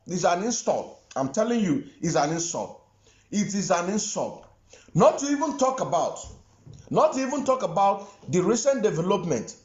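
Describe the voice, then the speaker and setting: A man's voice: sits high, darkish tone, roomy sound, dull audio. A man with a Nigerian Igbo accent giving impassioned online commentary, stressing his points by repeating phrases. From southeastern Nigeria. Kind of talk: impassioned social media commentary.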